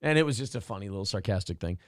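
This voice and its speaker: A man co-hosting a podcast, telling stories in a sarcastic, animated way and putting on mocking voices for the people he quotes. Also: fairly low pitch, rapid-fire, no echo, clean studio sound. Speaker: podcast co-host. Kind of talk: casual chat.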